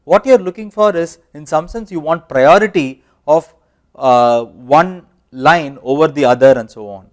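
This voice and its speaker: A man's voice: on the high side, normal speed. A man with an Indian English accent giving a university lecture, explaining step by step with fillers and self-corrections.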